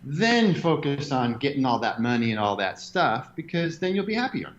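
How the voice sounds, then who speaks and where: A man being interviewed, telling stories in an animated way and laughing now and then. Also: mid-range voice, normal speed, dull audio, slight background noise. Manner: animated storyteller, laughs often. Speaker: interview guest, gym owner. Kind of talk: conversational interview.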